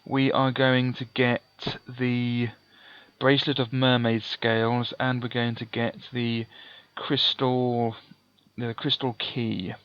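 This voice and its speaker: A slow, unhurried man plays through a gamebook, reading passages aloud and then chatting through his dice rolls. His tone stays calm with small self-mocking asides. The recording is dull and lo-fi, with a dry, close sound. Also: mid-range voice, clear, resonant tone, no echo. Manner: mild self-deprecating asides. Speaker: let's play host. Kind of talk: gamebook playthrough with read-aloud narration.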